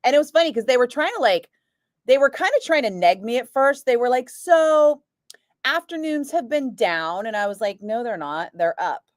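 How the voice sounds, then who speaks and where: A woman radio DJ chatting casually, telling an animated story and acting out what others said, with lots of "like" fillers. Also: a little high, a little fast, no room sound, studio quality. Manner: animated, acts out quoted voices, frequent "like". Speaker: radio DJ chatting with a live stream. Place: radio studio. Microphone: studio microphone.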